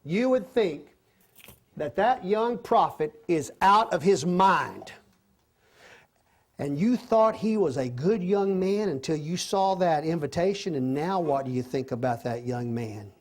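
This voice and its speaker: A man's voice: fairly high pitch, animated, measured pace. A man teaching a Bible lesson to a class in a conversational way, often putting questions to his listeners. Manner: conversational, asks the class questions, acts out quoted voices. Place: classroom with a board.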